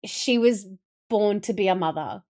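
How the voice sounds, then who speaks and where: A woman's voice: mid-range voice, lively intonation, unhurried, mellow. A woman streamer in casual chat with her viewers, telling stories in a rambling, chatty way with many fillers and casual swearing.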